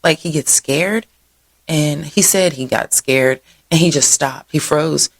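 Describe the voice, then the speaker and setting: Here the low, gravelly-voiced host of a local events show talks slowly. Her casual rundown wanders off into digressive stories, and "y'all" comes up often.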